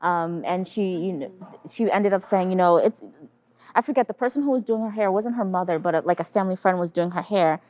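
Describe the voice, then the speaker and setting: A woman's voice: lowish voice, a little fast, darkish tone, dry recording. A woman in her thirties moderating a discussion, talking thoughtfully with many "you know"s and "right"s. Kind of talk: casual panel discussion.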